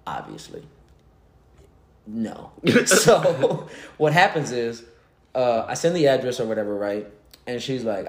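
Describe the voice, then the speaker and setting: A man's voice: mid-range voice, big pitch swings, measured pace, echoey room. Slangy, laughing man in his late twenties. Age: late 20s. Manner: slangy, laughs through the story. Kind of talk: casual storytelling.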